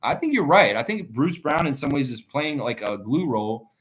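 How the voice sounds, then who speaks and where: A man hosts a casual live stream, rambling loosely through his thoughts and reading viewer comments aloud as he reacts. His medium-pitched voice swings widely in pitch at a normal speed.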